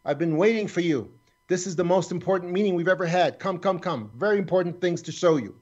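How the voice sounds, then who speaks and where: A man's voice: fairly high pitch, normal speed, a little mellow, dull audio, pitched above the performer's own voice, natural voice. A man voicing a frantic, sinister man who keeps urgently coaxing someone to come inside. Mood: urgent pleading. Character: frantic pleading middle-aged man, sinister.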